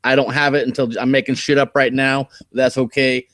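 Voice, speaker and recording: A man's voice: medium pitch, flat delivery, brisk, fairly bright tone, a little hiss or hum. A man from Oregon hosting a casual live stream, chatty and rambling as he thinks aloud. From Oregon, USA. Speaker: host.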